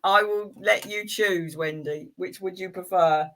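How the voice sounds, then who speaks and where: A woman's voice: on the low side, a little slow, a bit bright. A middle-aged woman, chatting playfully as she gives tarot readings on a live stream. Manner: chatty and playful, rambling asides. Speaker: tarot reader.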